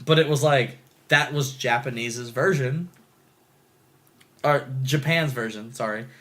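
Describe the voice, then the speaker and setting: A young man co-hosting a podcast, telling stories in an excitable, animated way and swearing freely. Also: mid-range voice, a little slow. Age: young adult. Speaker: podcast co-host. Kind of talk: casual chat.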